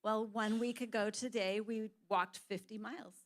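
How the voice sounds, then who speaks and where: A woman's voice: mid-range voice, fairly even intonation, normal speed. A woman who runs a booth at the event, giving short, matter-of-fact answers. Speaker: vendor at the event.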